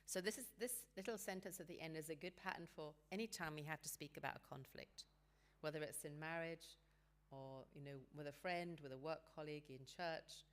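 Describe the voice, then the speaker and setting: A woman giving a seminar talk on parenting teenagers, calm and practical, sometimes acting out what parents and teens might say. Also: low voice, brisk. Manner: calm, practical advice, acts out quoted dialogue.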